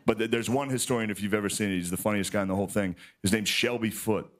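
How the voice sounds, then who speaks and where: A man doing a stand-up monologue on a television studio stage, animated and jumping up in pitch to mock things. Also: fast. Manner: animated, jumps up in pitch when mocking. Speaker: stand-up comedian.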